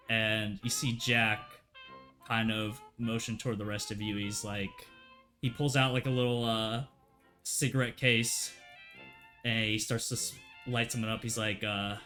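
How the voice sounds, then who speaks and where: A man's voice: medium pitch, steady tone, measured pace, bright, forceful tone, faint music behind. A man narrating a tabletop horror game as game master, hesitant, with lots of fillers, slipping into character voices.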